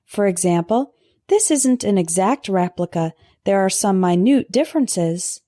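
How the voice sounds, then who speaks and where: A woman teaching English vocabulary in a scripted lesson, pronouncing word pairs slowly and carefully for learners to repeat. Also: medium pitch, expressive, warm tone, no echo, clean studio sound. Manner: slow, careful pronunciation drills.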